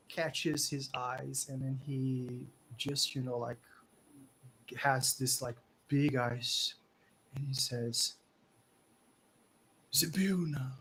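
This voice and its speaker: A man narrating as game master of a tabletop game, slow and deliberate, with a lot of "like" in his phrasing. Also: medium pitch, slight background noise, rough recording.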